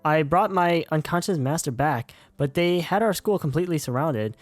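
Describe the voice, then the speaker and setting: Man reading as a humble young male disciple, formal and old-fashioned, higher voice. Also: lively intonation, normal speed, no room sound, close to an everyday voice. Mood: grave.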